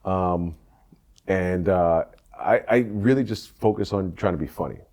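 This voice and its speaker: A man in his forties, a stand-up comedian guesting on a podcast, talking in an animated, storytelling way with quick asides. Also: low voice. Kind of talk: casual chat.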